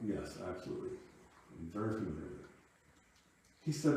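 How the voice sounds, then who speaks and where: With a sing-song lilt and a dark, medium-pitched voice, a minister in his late fifties moves at a moderate pace through a personal story in his sermon. He sounds reflective and conversational, recorded from afar in an echoing sanctuary.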